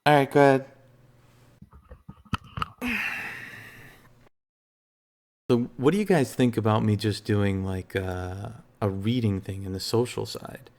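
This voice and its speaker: A man streaming games, chatting casually in a relaxed, rambling way with a soothing voice and lots of fillers. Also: on the low side. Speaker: game streamer. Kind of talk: casual live-stream chat.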